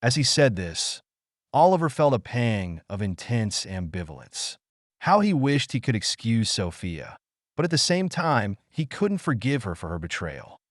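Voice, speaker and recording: Male narrator, dramatic audio story, lively pitch, dry close recording. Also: unhurried, no room sound. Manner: dramatic, melodramatic.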